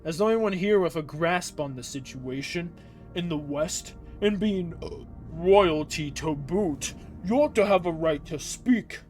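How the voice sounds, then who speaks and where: A man voicing a formal nobleman, speaking slowly and courteously. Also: a little high, animated, darkish tone, faint music behind.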